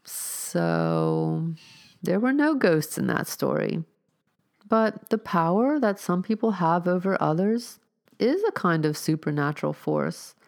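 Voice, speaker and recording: A woman reading a short story aloud as a storyteller, with measured, expressive narration. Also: on the low side, gravelly.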